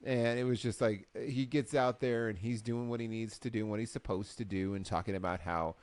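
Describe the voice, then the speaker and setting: A man co-hosting a casual recap show, telling the story with lively acted-out quotes. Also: fairly low pitch, a little fast. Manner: animated storyteller, acts out quotes. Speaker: podcast co-host. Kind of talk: casual chat.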